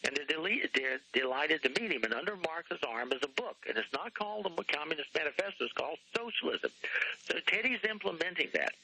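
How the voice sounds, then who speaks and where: Rambling husky man, throat-clearing. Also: on the high side, animated, a little fast, bright, forceful tone, poor audio. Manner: rambling, often clears his throat and spells out names letter by letter. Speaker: guest author. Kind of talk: radio talk show interview.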